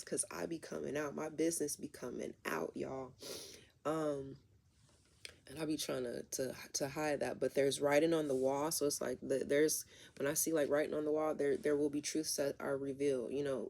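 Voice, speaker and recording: A woman's voice: sits low, creaky, a little mellow. A woman doing a casual tarot reading who rambles and talks straight to her viewers. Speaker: tarot reader.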